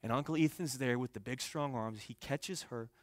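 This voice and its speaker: A young man preaching a sermon, telling a story and swinging between soft, quiet passages and loud, emphatic ones. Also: mid-range voice, moderate pace, no room sound. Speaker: pastor.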